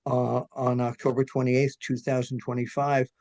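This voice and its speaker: Slow-speaking male interviewer. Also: mid-range voice, flat delivery, a little mellow. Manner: slow, deliberate questions with hesitations. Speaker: interviewer host.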